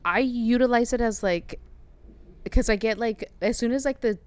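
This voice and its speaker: A young woman with a Californian accent, chatting casually as a guest, telling animated stories, acting out quotes and swearing freely. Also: on the high side, normal speed, clear, resonant tone. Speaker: guest artist. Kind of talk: casual chat.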